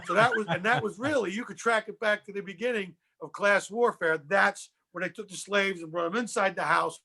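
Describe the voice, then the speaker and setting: A man's voice: sits high, fairly quick, background noise. A middle-aged man from Philadelphia, a comedian, rambling through profane rants in a podcast conversation. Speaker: comedian guest.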